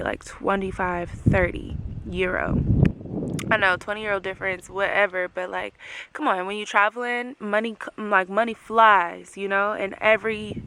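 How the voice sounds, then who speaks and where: A woman's voice: medium pitch, a bit bright. A young woman in her twenties telling a travel story in a casual, chatty way, full of fillers and asides. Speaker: travel vlogger. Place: outdoors in the desert. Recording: noisy outdoor camera audio.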